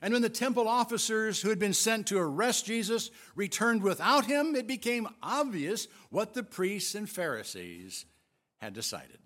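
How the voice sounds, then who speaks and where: A man preaching a sermon, retelling scripture with expressive, emphatic storytelling. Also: high-pitched, moderate pace. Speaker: pastor.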